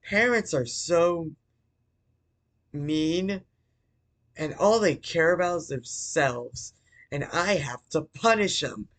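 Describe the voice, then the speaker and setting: A man voicing a menacing male toy rabbit animatronic who resents parents, speaking in a slow, drawn-out way. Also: on the high side, lively intonation, a bit bright.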